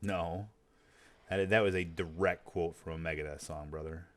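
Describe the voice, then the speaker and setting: Deep-voiced, laid-back, cussing male streamer. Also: steady tone, moderate pace, a little hiss or hum. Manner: rambling, profane, laid-back. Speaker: game streamer. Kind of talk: casual chat while gaming.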